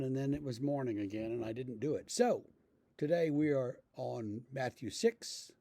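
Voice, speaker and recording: A male pastor giving a relaxed, conversational devotional talk, telling stories with frequent fillers. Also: mid-range voice, moderate pace, no room sound.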